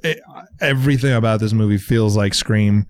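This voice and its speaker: A man in his thirties co-hosting a casual movie review podcast, talking in an animated, profane way and mocking studio thinking. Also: on the low side, moderate pace. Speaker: podcast co-host.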